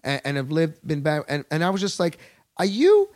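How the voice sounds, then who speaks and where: A man's voice: on the high side, quick pace, no echo, studio quality. A man from Long Island, a podcast guest ranting in a heated, profane, rambling way with many restarts. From Long Island, New York. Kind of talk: comedic podcast rant.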